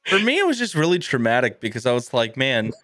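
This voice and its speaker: A man's voice: medium pitch, wildly swooping pitch, fast talker, fairly bright tone, no room sound. A man guesting on a podcast in casual chat, sounding incredulous as he picks apart a film's plot logic. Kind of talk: casual movie review chat.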